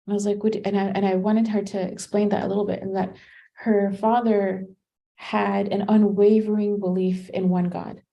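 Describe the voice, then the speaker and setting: A woman's voice: medium pitch, little pitch movement, moderate pace, creaky, highs cut off. A woman teaching a Qur'an study class, explaining commentary in a conversational way and thinking aloud with fillers and restarts. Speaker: religious teacher.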